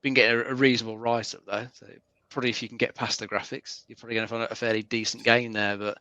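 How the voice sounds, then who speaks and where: A man giving measured opinions on a game as co-host in a casual chat. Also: mid-range voice, level tone, sharp tone, no echo, highs cut off.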